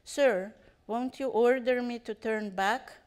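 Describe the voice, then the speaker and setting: Careful polite coachman guy, a woman reading him, clear voice. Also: a little high, takes it slowly, a little mellow. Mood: wary. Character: wary, respectful male coachman.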